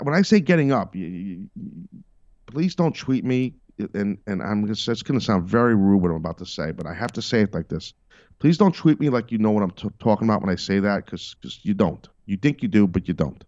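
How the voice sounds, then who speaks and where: A man's voice: fairly low pitch, darkish tone, no room sound, muffled recording. A middle-aged man hosting a podcast, giving blunt, emphatic wrestling commentary with profane, sarcastic asides. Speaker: podcast host.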